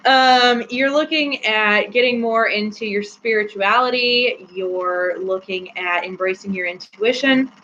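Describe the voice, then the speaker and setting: A woman's voice: mid-range voice, unhurried, hardly any pauses, sharp tone. A woman hosting a casual live-stream tarot reading, chatty and giggly with many fillers. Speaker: host. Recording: slightly dull with faint hum.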